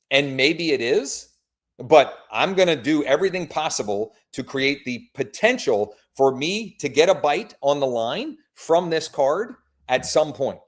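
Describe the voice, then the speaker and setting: A man who works as a real estate agent, running a live workshop and making friendly, informal phone calls to leads. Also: medium pitch.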